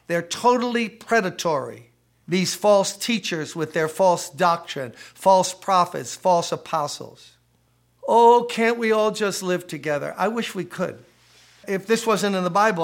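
A man preaching a sermon for a podcast aimed at church leaders, his voice sitting slightly high for a man. He drives points home by repeating phrases and tossing out rhetorical questions in a conversational, emphatic way. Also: a bit bright. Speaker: pastor.

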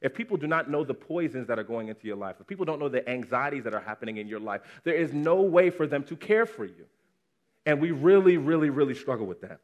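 A man's voice: medium pitch, expressive, quick pace, few pauses. A man preaching a sermon to his congregation in a conversational way, repeating words for emphasis. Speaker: pastor. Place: church congregation.

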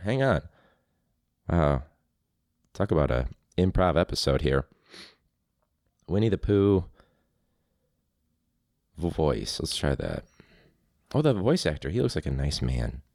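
A man's voice: low-pitched, sing-song, a little slow, long pauses, a little mellow, no echo, studio quality. A man, a teacher hosting a podcast, rambling casually and laughing at his own ideas. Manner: rambling, laughing, self-interrupting. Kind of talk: casual solo podcast chat.

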